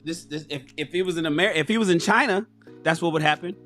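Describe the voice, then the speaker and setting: Animated high-voiced man hosting a stream. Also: fast talker, soft background music. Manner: animated, emphatic, profane, addresses viewers directly. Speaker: livestream talk show host. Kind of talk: casual livestream commentary.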